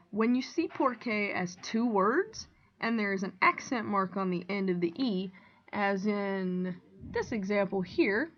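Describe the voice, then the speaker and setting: Reading sample sentences out loud, a woman who teaches Spanish explains them one by one in a clear, unhurried, deliberate way. Her voice sits at a normal middle pitch, captured on slightly dull, lo-fi audio.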